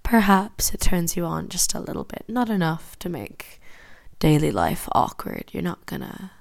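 A woman with an Irish accent giving a whispered hypnosis induction, repeating slow, soothing suggestions close to the mic. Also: on the low side, sing-song, vocal fry, no room sound.

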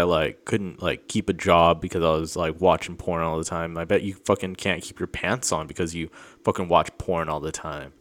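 A man doing a comedic rant, agitated and accusatory, rambling with constant swearing and filler words. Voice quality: low-voiced, heavy swearing, filler-laden rambling.

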